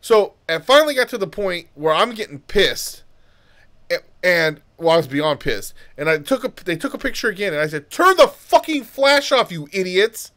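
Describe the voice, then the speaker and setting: A man's voice: fairly high pitch, animated, moderate pace, fairly bright tone. A man co-hosting a podcast, ranting heatedly and profanely in casual chat. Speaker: podcast co-host.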